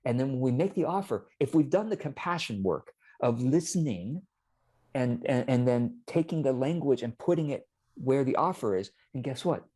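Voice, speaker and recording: A man's voice: medium pitch, lively intonation, normal speed, dark tone. A man as an interview guest, explaining casually and animatedly and acting out little quoted exchanges.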